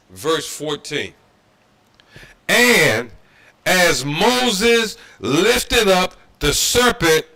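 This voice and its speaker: A man gives a scripture lecture in a preaching style, his voice pitched a little high and cutting bright and forceful. He talks emphatically, repeats himself, and tosses in mocking asides. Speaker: religious history class instructor. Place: Detroit.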